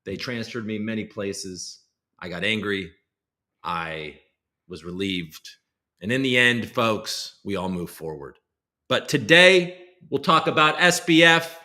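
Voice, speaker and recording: A young man hosting a casual livestream, rambling and sarcastic, jumping from loud bursts to low muttered asides. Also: animated, slow pace. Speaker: host.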